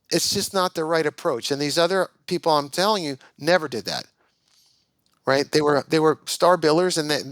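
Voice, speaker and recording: A man in his sixties, a guest on a podcast, recalling anecdotes in a relaxed, casual conversation. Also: a little high, no room sound. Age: 60s. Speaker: podcast guest, recruiting executive.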